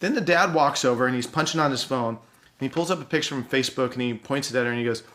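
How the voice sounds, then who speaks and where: A man, an ER doctor, earnestly recounting a true story from work in a measured, pausing way. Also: mid-range voice, a bit bright. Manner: earnest, measured, pauses for effect. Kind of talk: personal storytelling.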